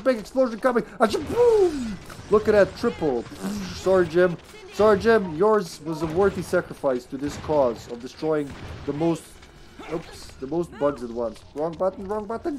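A man streaming a video game live, chatting casually and playfully, breaking into excited shouts. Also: a little high, a little fast, a little hiss or hum. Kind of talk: live gameplay commentary.

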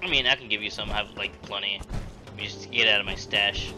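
A man's voice: lowish voice, fairly quick, over music, low-quality recording. A man in casual chat while playing a video game with friends, laughing often and cracking crude jokes. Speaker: gamer.

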